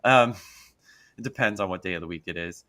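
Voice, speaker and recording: A man's voice: low voice, fairly quick, bright, forceful tone. A man chatting casually as a guest YouTuber, joking and rambling. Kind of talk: casual chat.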